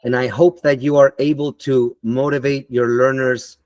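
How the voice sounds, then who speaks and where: A man giving an online teaching webinar in a deliberate, emphatic and motivational way, on a computer mic over a video call. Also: mid-range voice, little pitch movement, darkish tone, no echo.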